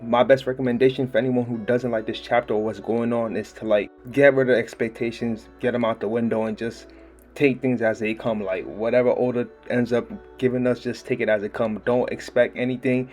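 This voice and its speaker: A young man talks through a comic chapter in a loose, excited, slangy way, laughing as he goes. His voice sits at an ordinary middle pitch. Faint music plays behind him. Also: fairly quick. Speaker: manga chapter reviewer. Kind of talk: casual video review.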